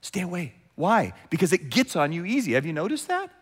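Male pastor, sermon delivery, animated with acted-out asides, slightly high voice, long church-hall reverb. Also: brisk. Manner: animated, acts out quoted voices, swings from loud to hushed.

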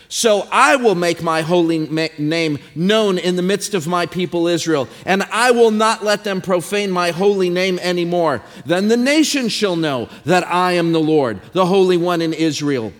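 A man's voice: high voice, normal speed, hardly any pauses. A man preaching a sermon and reading scripture aloud, emphatic and drawn out, with repeated phrases for stress. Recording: long hall reverb.

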